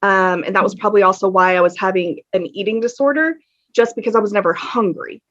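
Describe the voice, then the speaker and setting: A woman's voice: mid-range voice, quick pace. Candid woman telling her story, lo-fi. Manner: candid and earnest, with many fillers. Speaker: podcast guest. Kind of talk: casual interview storytelling. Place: home room with a fan on. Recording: dull lo-fi audio.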